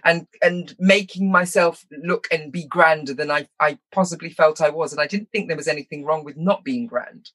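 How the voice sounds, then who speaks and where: A middle-aged woman telling stories from her childhood in an interview. She is lively and self-mocking, laughs often, and slips into quick impressions. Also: low-pitched. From London, England. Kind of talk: personal storytelling in conversation.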